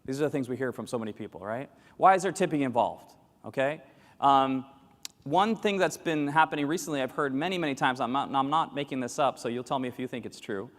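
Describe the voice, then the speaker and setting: A man giving an animated keynote talk to a live audience, quizzing the crowd and acting out quoted voices. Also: medium pitch, brisk. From grew up in Latin America. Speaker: keynote speaker. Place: large hall with live audience. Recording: echoey hall with long reverb.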